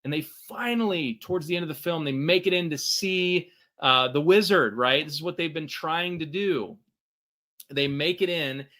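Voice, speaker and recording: A man's voice: fairly high pitch, pushed and bright. A middle-aged man co-hosting a workshop talk, conversational, with lots of fillers and "right?" checks. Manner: conversational, many fillers and tag questions. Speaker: podcast co-host.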